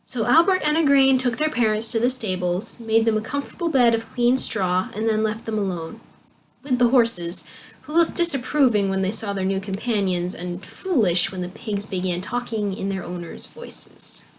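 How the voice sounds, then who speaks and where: A young woman reading a children's book aloud as a storyteller, with clear, expressive narration. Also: mid-range voice, moderate pace, slight background noise.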